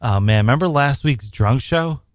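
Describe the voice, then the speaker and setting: A man co-hosts a casual podcast, drifting into long rambling anecdotes and laughing as he goes. His voice sits at an ordinary middle pitch. The recording is close and dry, with no room sound. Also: expressive, moderate pace, no room sound. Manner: rambling storyteller, laughs often. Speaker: podcast co-host. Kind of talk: casual chat. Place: New York.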